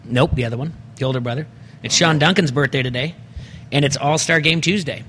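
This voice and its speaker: An excitable man hosting a casual sports podcast, with a mid-pitched voice. He delivers hype-style intros and often stumbles and restarts his sentences. Faint noise sits under the recording. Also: a little fast. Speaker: podcast host.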